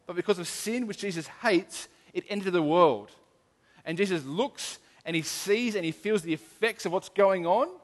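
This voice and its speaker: A middle-aged man preaching an earnest, emphatic sermon as a pastor, often restarting his sentences. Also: high voice. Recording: long hall reverb.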